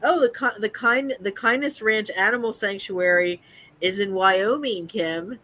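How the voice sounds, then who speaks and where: A woman with a bright, sharp voice co-hosting a relaxed live chat, teasing her friend with playful banter. A faint hiss of background noise sits under her voice. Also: medium pitch, unhurried, low-quality recording. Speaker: co-host. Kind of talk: casual chat.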